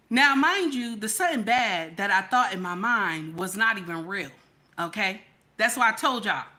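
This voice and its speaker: A woman's voice: a little high, bright, forceful tone, a little hiss or hum. A woman telling a personal story as relationship advice, emphatic and constantly checking in with her listeners. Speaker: vlogger giving relationship advice.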